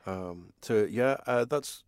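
A man's voice: fairly low pitch, takes it slowly, darkish tone, clear, resonant tone, no echo, clean studio sound. A young man co-hosting a casual podcast about films and TV, rambling with lots of ums and easy laughs.

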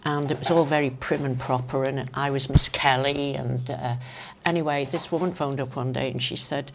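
An older woman with a Manx accent, chatting as an interview guest and telling lively anecdotes from her past. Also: extremely low pitch, moderate pace, a little hiss or hum. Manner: chatty storyteller, lively asides. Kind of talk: casual reminiscing anecdotes.

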